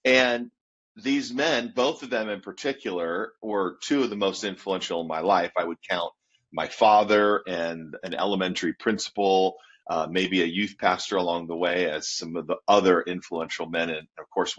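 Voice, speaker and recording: A man in his fifties, a youth pastor, telling his story as an animated guest in a casual interview and laughing often. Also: deep voice, moderate pace. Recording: dull lo-fi sound.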